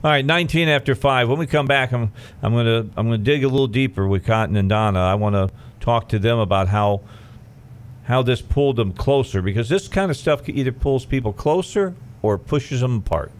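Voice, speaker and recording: A man hosting a radio talk show, chatting with his guests in a halting, conversational way with many fillers and upbeat station breaks. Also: mid-range voice, a little mellow.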